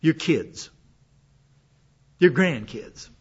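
A man's voice: on the high side, animated, drawn-out words, slightly rough. A man preaching a sermon in a folksy, conversational way, full of asides, while he is sick with a cough. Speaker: pastor. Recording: dull lo-fi sound.

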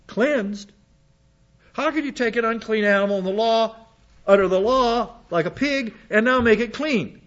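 High-voiced man teaching from scripture. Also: expressive, normal speed, muffled recording. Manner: conversational, asides to the congregation. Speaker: preacher. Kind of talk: Bible teaching sermon.

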